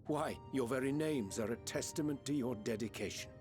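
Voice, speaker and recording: An actor voicing a solemn, courteous man in a game scene, speaking in a measured, formal, ornate way. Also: mid-range voice, natural voice. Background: game music.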